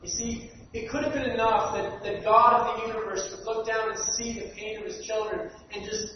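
Guy preaching w a pretty high voice, earnest, repeats himself, swings loud then real quiet, big echoey hall far from the mic. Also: fairly even intonation, normal speed. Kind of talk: sermon. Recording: dull, echoey hall from far off, faint hiss.

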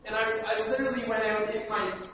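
A male preacher giving an earnest sermon, stumbling over repeated words and swinging between loud stress and near-quiet. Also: high-pitched, flat delivery, a little fast. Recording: dull, echoey hall from far off, faint hiss.

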